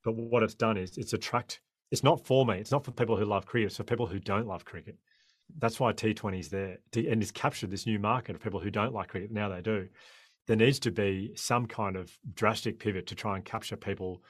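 Aussie man in his 40s, guest, talks fast, low voice, keeps restarting his sentences. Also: no echo, studio quality. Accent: Australian. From Australia. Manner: impassioned, rambling with frequent restarts. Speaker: guest, former cricketer turned sprinter. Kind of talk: podcast conversation.

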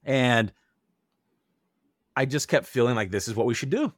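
A man's voice: mid-range voice, normal speed, pauses often, fairly bright tone, no room sound, studio quality. A man in his thirties, an interview guest, telling his own story in a candid, earnest way and acting out remembered quotes.

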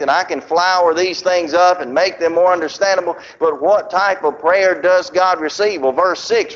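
A man preaching a sermon in a fairly high voice. He slows down for scripture and moves between loud, raised points and low, hushed drops. The recording sounds dull and lo-fi.

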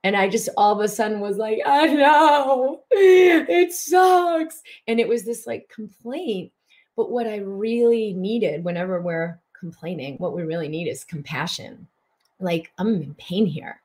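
Hosting a live broadcast, a middle-aged woman with a medium-pitched voice delivers spiritual coaching at a moderate pace. She's animated, letting out breathy exclamations.

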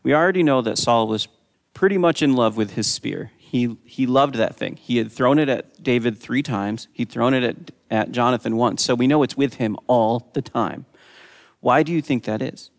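Male preacher, mid-pitched, casual teaching tone, reverberant hall. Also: moderate pace, creaky. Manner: conversational teaching, reads scripture aloud with raised pitch. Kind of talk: sermon.

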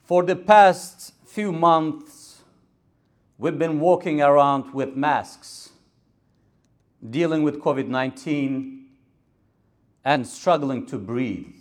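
An imam giving a Friday sermon from a mosque pulpit, with a repetitive rhetorical cadence and Arabic recitation. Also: male voice, on the high side, slow pace, pauses often.

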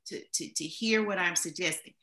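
Woman guest historian, bright tone, measured and deliberate delivery, slight room echo. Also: on the low side. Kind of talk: podcast discussion.

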